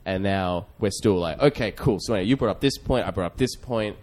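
A man's voice: lowish voice, a little fast, a little mellow. A man, a comedian hosting a podcast who tells a story in a rambling, self-deprecating way with lots of fillers. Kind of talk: casual storytelling.

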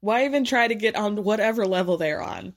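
A woman's voice: medium pitch, fairly quick. A young adult woman giving a casual, gossipy and sarcastic recap of a reality show episode.

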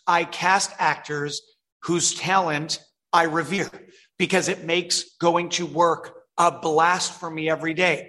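A man, a film director, telling animated stories as an interview guest and acting out the voices of others. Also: on the high side. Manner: animated storyteller, reenacts voices.

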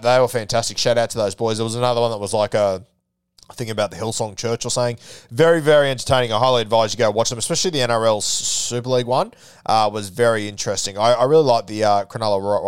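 Chatty Australian man with a smooth voice. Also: medium pitch, no room sound, clean studio sound. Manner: chatty storytelling, swears casually. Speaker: podcast host. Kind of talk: casual audio diary.

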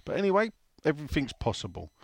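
Man, animated up-and-down delivery, dry close sound, casual podcast co-host. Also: on the high side, quick pace, dry recording. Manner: chatty, teasing, reads out listener questions. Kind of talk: casual chat.

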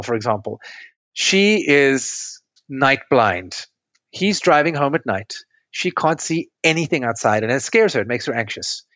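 A man's voice: mid-range voice, fairly bright tone. Middle-aged male coach on a remote call: walks through client stories patiently, mid-range voice, no room echo. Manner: explanatory, tells client stories step by step. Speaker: relationship coach and podcast guest. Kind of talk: interview, explaining with stories.

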